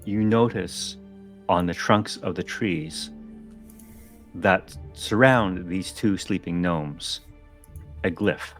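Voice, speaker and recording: Low-voiced man running a tabletop game. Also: slow, long pauses. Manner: relaxed, hesitant with fillers. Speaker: game master. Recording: faint music behind.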